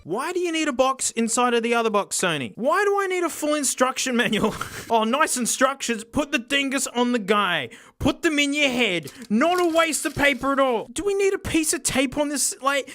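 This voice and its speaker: A man's voice: high-pitched, fairly bright tone. A young Australian man doing a comedic, sarcastic unboxing review of cheap headphones, laughing often. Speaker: tech reviewer.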